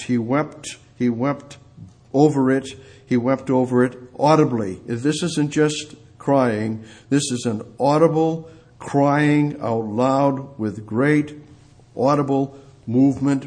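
Male preacher, sermon delivery, repetitive, swings from hushed to fervent. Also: mid-range voice. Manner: repeats words, builds to loud impassioned peaks, drops to quiet.

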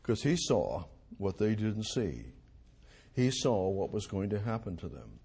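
A man preaching an expository sermon, reading scripture aloud and moving between hushed, slow phrases and loud emphatic lines. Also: fairly low pitch, sing-song, gravelly, breathy edge.

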